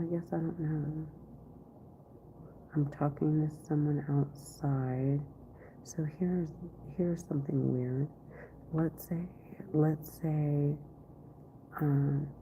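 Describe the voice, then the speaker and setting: A woman vlogging from her office in a rambling monologue, often half-whispered and halting, with many restarts. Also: deep voice, vocal fry. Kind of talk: rambling live-stream monologue. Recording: tinny phone-like recording, faint noise.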